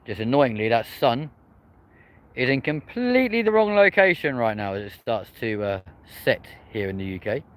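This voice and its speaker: A man's voice: medium pitch, big pitch swings, normal speed. A man giving chatty, upbeat live commentary to his viewers outdoors beside an airport, recorded on a phone. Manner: chatty, upbeat, addresses viewers as friends and folks. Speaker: live-stream plane spotter.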